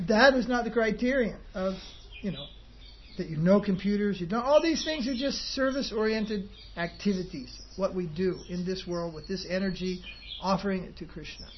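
A man's voice: high-pitched, moderate pace, a little hiss or hum. A man giving an informal devotional talk to a group, rambling and conversational with chuckling asides. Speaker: spiritual teacher. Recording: dull lo-fi recording with faint ambience.

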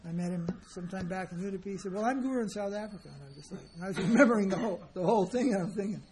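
A man's voice: high voice, racing, a crowd in the background. A man teaching as a spiritual teacher in an informal sermon, speaking in a conversational, emphatic way and acting out the people he quotes.

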